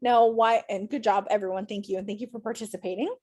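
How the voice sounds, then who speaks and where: A woman's voice: mid-range voice, steady tone, quick pace, warm tone. A woman teaching an online class over a video call, chatty and encouraging, her voice tired after a day of teaching. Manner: chatty, encouraging, upbeat with students.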